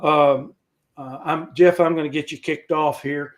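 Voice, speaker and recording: Folksy man teaching scripture, higher voice. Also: steady tone. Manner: folksy, with joking asides; halting, with frequent restarts. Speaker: Bible study teacher.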